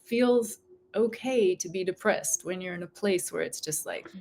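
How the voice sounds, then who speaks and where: A middle-aged American woman in casual conversation as a guest author, chatty and quick to laugh, often breaking off and restarting. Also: on the low side, vocal fry, darkish tone, a little hiss or hum. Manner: chatty, laughing, self-interrupting.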